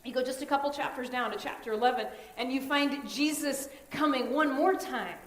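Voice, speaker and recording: A woman pastor with a high voice delivers a sermon in a church sanctuary. She preaches earnestly and conversationally, leaning on dramatic pauses. The sanctuary adds a roomy echo to her voice.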